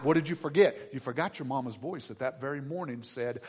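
A man preaching a children's sermon as pastor, swinging between hushed and loud emphasis. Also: mid-range voice, a little fast, hardly any pauses, slightly rough.

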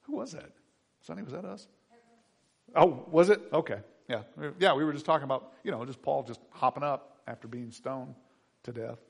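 A man's voice: medium pitch, normal speed, gravelly, husky. A man preaching a conversational sermon to his congregation, acting out quotes and asking them questions. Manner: animated, acts out quotes, asks the congregation questions. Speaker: pastor.

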